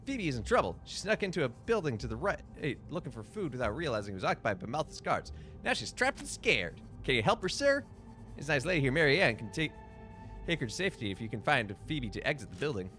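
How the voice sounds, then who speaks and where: A man voicing an indignant young street boy with a high, shrill, accusing delivery while reading a video game aloud. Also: very animated, fast talker, pushed and bright, faint music behind. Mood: pleading.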